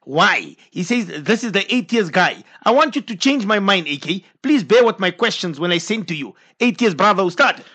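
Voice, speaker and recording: Brief: male host, high voice, reads listener questions and chimes in with short agreements. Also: expressive, moderate pace, hardly any pauses, pushed and bright, breathy edge. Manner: brief affirming interjections, reads questions aloud. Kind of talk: Q&A on a talk show.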